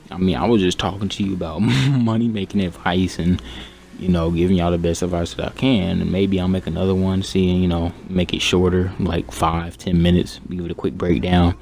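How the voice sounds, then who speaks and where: A young man with a low, deep voice talks in a flat, monotone way, keeping it quiet and subdued. He rambles casually through gaming advice with plenty of fillers. A faint hiss sits under the recording. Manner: laid-back, rambling with many fillers. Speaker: gaming YouTuber.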